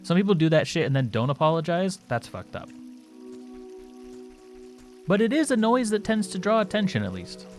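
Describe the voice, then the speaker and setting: A man's voice: sits high, big pitch swings, normal speed, pauses often, faint music behind. A man doing casual live-stream commentary while playing, rambling and joking with his viewers and swearing now and then. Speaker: game streamer.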